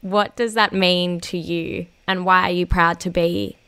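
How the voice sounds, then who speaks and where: A woman interviewing a guest in a friendly, chatty way, her voice going hoarse. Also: lowish voice, level tone, unhurried, fairly bright tone. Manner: friendly, chatty, fillers and small restarts. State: losing her voice. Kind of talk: conversational interview.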